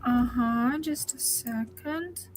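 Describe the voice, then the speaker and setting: A woman playing a tabletop game, speaking slowly in a hesitant, earnest way. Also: a little high, soft background music. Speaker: player. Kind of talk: casual tabletop game chat.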